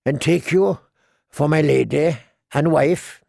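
A man voicing a hoarse, strained nobleman groom reciting wedding vows in an audiobook reading. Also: fairly high pitch, takes it slowly, darkish tone, dry recording, clean studio sound, full character voice.

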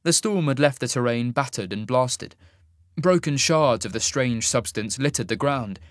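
A man narrates a fantasy audiobook with a very lively, swooping pitch. His storytelling delivery is expressive, and the recording is dry and close. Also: normal speed, no room sound.

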